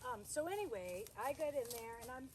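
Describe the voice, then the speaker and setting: A woman's voice: fairly high pitch, animated, brisk, background noise. A woman horse trainer telling a story in a chatty way while working a horse outdoors, breaking off now and then to praise the horse. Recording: outdoor ambience with horse noises.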